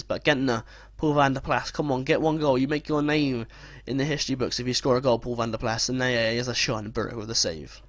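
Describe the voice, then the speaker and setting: A young man narrating his football management game as play-by-play commentary, breaking into loud, swearing outbursts. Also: mid-range voice, dry recording. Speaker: gaming commentator.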